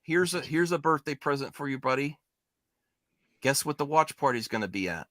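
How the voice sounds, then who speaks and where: A man's voice: medium pitch, expressive, moderate pace, fairly bright tone, dry recording, studio quality. A man hosting a casual group livestream chat, joking and talking over the others. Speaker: stream host.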